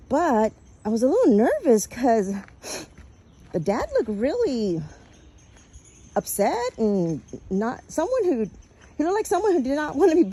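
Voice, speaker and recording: A woman's voice: fairly high pitch, dark tone, slightly rough. A woman from Texas, telling a personal faith story earnestly, a little out of breath. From Texas, USA. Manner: earnest, quotes people in small voices.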